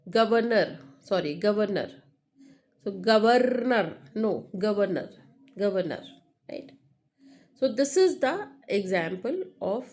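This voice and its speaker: Lady teacher, slow, kinda high voice, keeps saying right? while explaining. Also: darkish tone. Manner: repetitive, checks understanding with "right?". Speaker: English teacher. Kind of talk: lecture explaining linguistics.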